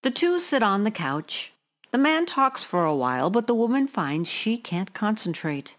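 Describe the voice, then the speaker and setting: A woman reading a short story aloud in a measured, hushed way. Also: medium pitch, very animated.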